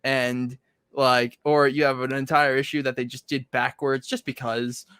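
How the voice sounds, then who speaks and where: A man's voice: mid-range voice, level tone, moderate pace, fairly bright tone, smooth, dry recording, studio quality. A man hosting a casual comic review chat, rambling with many fillers and laughing often. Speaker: podcast host.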